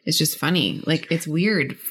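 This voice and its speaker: Lively woman telling stories with laughter. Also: low voice, a loud crowd. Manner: animated storyteller, quick to laugh. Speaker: podcast co-host. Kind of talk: casual chat.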